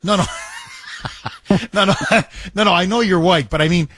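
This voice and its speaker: A man with a high, slightly bright voice hosts a call-in talk radio show from a radio studio, speaking at a moderate pace. He drives his arguments home with repetition and rhetorical questions.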